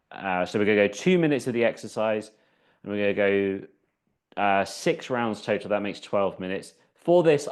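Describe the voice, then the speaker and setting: A man leading a seated exercise class as the instructor, chatty and encouraging, counting down each round. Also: fairly low pitch. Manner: chatty, encouraging, counts down out loud, laughs at himself. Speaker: fitness instructor.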